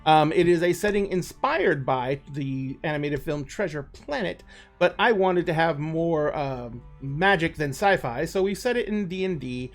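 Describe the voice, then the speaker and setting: A man's voice: a little high, lively intonation, unhurried. A middle-aged man runs a live tabletop game stream as its host, rambling, joking and breaking into laughter. His voice keeps cracking. Faint music plays behind him. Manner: laughs often, jokey and rambling. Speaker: game master and show host.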